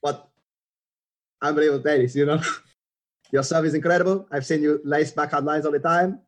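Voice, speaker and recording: A gentle, apologetic male tennis champion, as a man impersonates him. He speaks softly and kindly, pitched somewhat above the speaker's usual voice. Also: fairly even intonation, normal speed, natural voice. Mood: admiring. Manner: soft, apologetic, warm.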